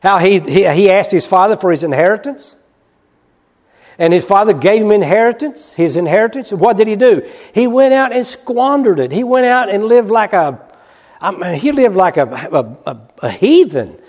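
A man preaching a sermon. He swings between loud, quick emphasis and hushed, slow passages, and repeats key phrases. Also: high voice, lively intonation. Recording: long reverb of a large hall.

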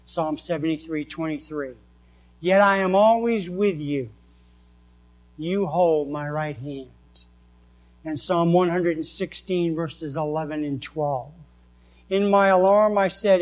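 Slow-reading New England pastor. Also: male voice, on the high side, rough recording. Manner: slow, deliberate reading of verses. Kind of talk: sermon with scripture reading.

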